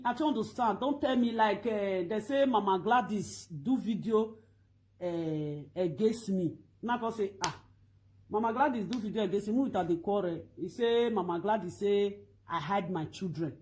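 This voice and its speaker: A middle-aged woman with a Nigerian Pidgin accent, ranting loudly and emphatically to her online followers in a scolding, repetitive way. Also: high voice. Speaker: Facebook live video blogger. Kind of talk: animated ranting monologue.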